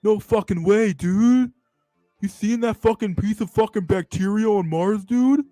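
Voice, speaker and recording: A man doing an excitable, loud bro voice. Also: high-pitched, a little slow, no echo, soft background music, voice pushed up. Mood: excited. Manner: loud, repetitive, says dude and bro.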